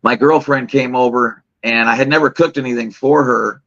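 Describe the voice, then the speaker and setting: A man's voice: medium pitch, fairly even intonation, moderate pace, a bit bright. Rambling middle-aged man, lo-fi audio. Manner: rambling, laughing, many restarts and fillers. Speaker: co-host. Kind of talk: casual chat, storytelling. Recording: dull lo-fi remote audio.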